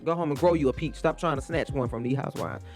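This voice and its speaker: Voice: medium pitch, quick pace, faint music behind. A co-host giving sassy, gossipy commentary in casual reaction chat.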